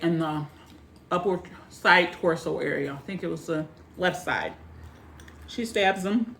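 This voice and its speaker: A woman reviewing a movie in a casual, animated retelling, chatting straight to her viewers. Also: lowish voice, a little hiss or hum. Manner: animated retelling, acting out characters' lines; chatty, addresses viewers directly. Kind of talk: casual spoken movie recap.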